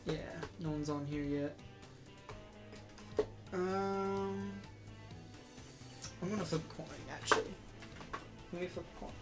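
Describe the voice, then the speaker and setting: Chatty, excitable game streamer. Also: mid-range voice, slow pace, pauses often. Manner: chatty and excitable, thinking aloud. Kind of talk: casual let's-play commentary. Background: faint game music.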